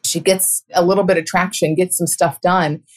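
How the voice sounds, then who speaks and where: A middle-aged woman hosting a talk show and coaching, speaking in an earnest, reflective way with soft laughs. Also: fairly low pitch, level tone, moderate pace. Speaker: podcast host and coach. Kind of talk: conversational monologue.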